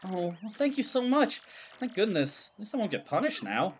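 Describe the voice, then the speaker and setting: A man's voice: sits high, big pitch swings, moderate pace, voice pushed up. A man voicing a timid young female shadow girl from a game, anxious and self-pitying. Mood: worried.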